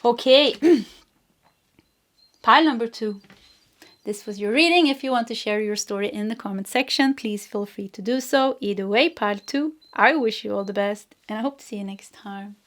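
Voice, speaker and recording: A woman giving an intuitive tarot reading, talking gently with frequent restarts, laughs and searching for words. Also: fairly high pitch, normal speed. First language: Swedish. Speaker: tarot reader.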